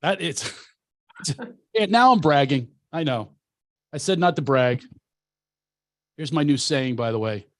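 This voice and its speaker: A man's voice: on the high side, expressive, a little slow, pauses often, no echo, clean studio sound. Brash storytelling comedian man. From Philadelphia. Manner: brash, self-mocking, preachy. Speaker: comedian and coach. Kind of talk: casual storytelling chat.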